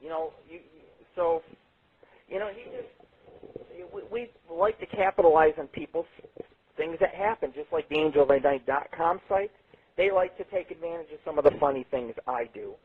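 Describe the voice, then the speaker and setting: A man hosting a late-night internet radio show, telling rambling, profane stories with sudden jumps in pitch. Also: moderate pace, breathy edge. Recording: tinny phone-like sound.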